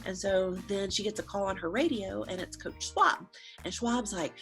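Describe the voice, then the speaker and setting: A woman's voice: medium pitch, moderate pace, a bit bright, soft background music. Chatty woman telling a school story. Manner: chatty, quotes characters with "she's like". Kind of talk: casual spoken storytelling.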